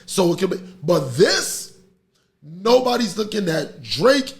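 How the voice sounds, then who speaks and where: A man's voice: sits high, sing-song, slow pace. A middle-aged man, hosting a podcast in casual, heated chat and ranting animatedly. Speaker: podcast host.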